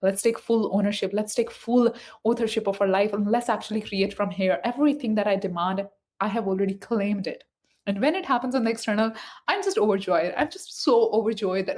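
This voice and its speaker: Expressive and a little fast, a woman with a highish, darkish-toned voice gives a motivational spiritual talk. Addressing the listener directly, she speaks emphatically and repeats key phrases over and over.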